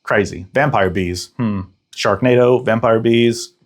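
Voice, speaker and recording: A man hosting a casual, joking movie recap, full of slang and quick acted-out voices. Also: medium pitch. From Texas. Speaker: podcast host and film reviewer.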